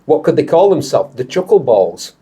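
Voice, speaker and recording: A man's voice: a little high, sing-song, dark tone, slight background noise. A man with a Lancashire accent hosting a car show, chatting and joking in a moving car. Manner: jokey, rambling, quick to laugh. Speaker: host. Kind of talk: casual banter in a car.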